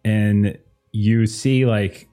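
Low mellow guy gm'ing a tabletop game, lots of uhs, faint music. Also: fairly even intonation, extremely slow. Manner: rambling, with many fillers. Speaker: game master.

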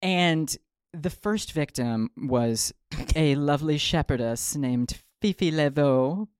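A man's voice: on the high side, animated, takes it slowly, darkish tone, smooth, no room sound, studio quality. A man hosting a podcast, telling a story in a playful, joking way with lots of ums and asides. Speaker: podcast host.

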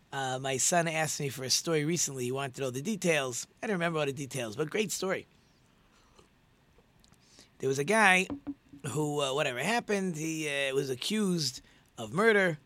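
A man's voice: a little high, a bit bright, no echo. A middle-aged man, a prayer leader, giving an informal religious teaching talk in an earnest way, often repeating words and phrases for emphasis.

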